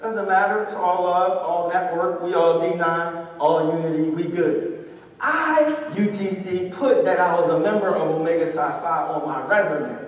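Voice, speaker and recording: A man, giving a lively storytelling talk with call-and-response to a student audience. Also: sits high, moderate pace. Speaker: motivational speaker. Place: large hall with audience. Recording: echoey hall recorded from far off.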